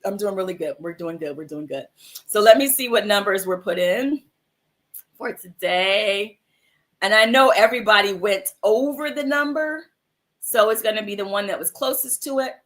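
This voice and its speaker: Hosting a mindfulness livestream, a woman chats casually and warmly with her viewers, encouraging them and addressing them as "my love" and "sis." Her voice is medium in pitch, a bit bright, and her pace is normal.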